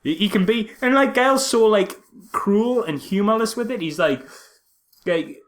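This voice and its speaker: A man's voice: high voice, normal speed. A man, co-hosting a casual film review chat and mocking scenes with silly character voices. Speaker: podcast co-host.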